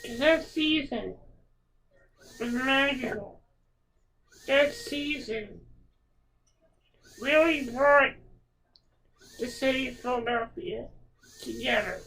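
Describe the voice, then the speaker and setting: A woman hosts a reflective podcast monologue, speaking slowly with a raised, bright tone and a gravelly creak in her voice. She sounds emotional and heartfelt, and she repeats words for emphasis. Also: sits high, slight background noise, low-quality recording. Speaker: podcast host.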